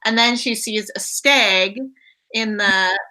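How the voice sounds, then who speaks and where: A woman's voice: medium pitch, fairly even intonation, takes it slowly, bright, forceful tone, rough recording. A Canadian woman chatting about a book on a video call, rambling and enthusiastic with many fillers. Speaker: guest on a book live show. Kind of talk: casual chat.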